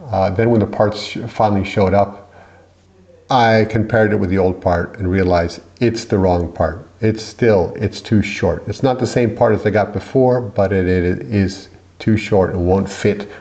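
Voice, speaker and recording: A man's voice: on the low side, measured pace, dark tone, dull audio. A middle-aged man from the United States, irritated and rambling as he complains in a vlog, with many restarts. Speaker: vlogger.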